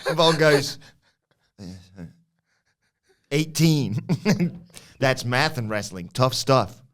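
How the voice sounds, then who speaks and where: A man on a podcast, recapping a wrestling show and acting out quotes with loud shouts and laughs. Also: medium pitch, expressive, takes it slowly. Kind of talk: casual chat.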